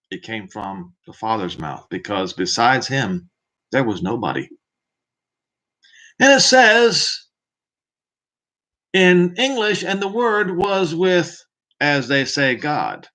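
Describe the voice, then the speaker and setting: A man's voice: fairly high pitch, huge pitch swings, slow pace, long pauses, a bit bright. A man teaching scripture in a preaching manner, emphatic and fond of rhetorical questions to the listener. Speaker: Bible teacher. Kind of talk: preaching Bible commentary.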